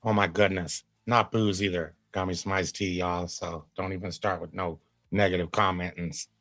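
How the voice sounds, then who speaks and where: A man's voice: low voice, steady tone, moderate pace, fairly bright tone, dry recording, soft background music. A man giving casual live commentary as a reaction streamer, laid-back and folksy, with drawling asides to his chat.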